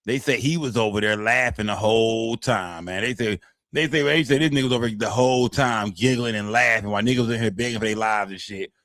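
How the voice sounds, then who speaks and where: A man's voice: on the low side, fairly quick, a bit bright, no room sound, clean studio sound. A man commenting casually on a live stream in loose, profane street slang, repeating himself and addressing his chat. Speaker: streamer reacting to court footage.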